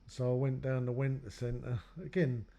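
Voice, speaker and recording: Gravelly man recounting his past. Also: medium pitch, flat delivery, moderate pace, mellow, muffled recording. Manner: rambling, quotes others in his story. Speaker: guest telling his life story. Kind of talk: personal storytelling.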